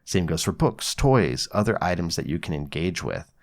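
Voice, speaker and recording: A man hosting a psychology podcast, giving relaxed, conversational advice with casual swearing and acted-out examples. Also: low voice, normal speed.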